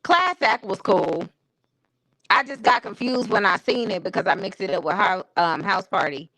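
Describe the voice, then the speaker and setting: Bright-voiced, opinionated woman streamer. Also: mid-range voice, expressive, normal speed, no room sound, poor audio. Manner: candid and opinionated, with slangy talk. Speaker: stream host. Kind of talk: casual chat. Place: home streaming setup.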